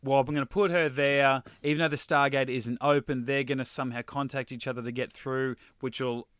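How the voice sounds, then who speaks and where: A man's voice: mid-range voice, fairly even intonation, fairly quick, fairly bright tone, clean tone, dry recording, studio quality. A man hosting a podcast in casual chat, chatty, reading blurbs aloud playfully. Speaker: podcast host.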